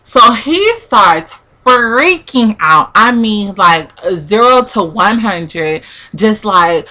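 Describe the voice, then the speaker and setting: A woman's voice: medium pitch, lively intonation, extremely slow, bright, forceful tone. A young woman vlogger telling a personal story in a chatty, casual way, full of "like" and acted-out quotes. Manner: chatty, peppered with "like", acts out quotes.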